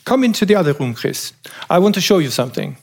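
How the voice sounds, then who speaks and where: Man voicing a smug young womanizer, slow drawl, self-satisfied, storybook dialogue. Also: a little high, sing-song, creaky, darkish tone, slightly rough, pitched above the performer's own voice, full character voice. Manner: lazy drawl.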